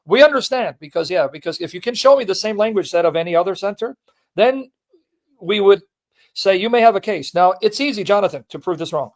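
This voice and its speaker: High-voiced, emphatic man hosting a debate. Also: fairly quick. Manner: emphatic, questioning, excitable. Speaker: host of a religious debate stream. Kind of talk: casual discussion, reading quotes aloud.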